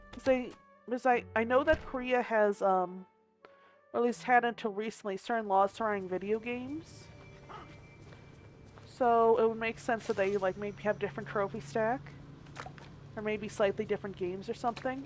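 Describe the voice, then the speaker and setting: A woman game streamer chatting casually, thinking aloud and hedging as she goes, with the odd hiccup. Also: medium pitch. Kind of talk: casual live-stream chat.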